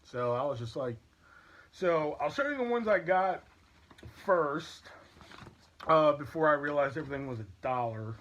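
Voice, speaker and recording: A man's voice: a little high, expressive, moderate pace, long pauses, fairly bright tone, highs cut off. A man hosting a casual product review and haul vlog, talking in a candid, chatty, rambling way. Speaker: YouTube channel host.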